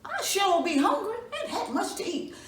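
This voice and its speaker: A woman voicing a sly, hungry male rabbit trickster in a folk tale, with folksy drawn-out exclamations. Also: extremely high pitch, big pitch swings, voice pushed up. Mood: wheedling. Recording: roomy echo from a distance, faint room noise.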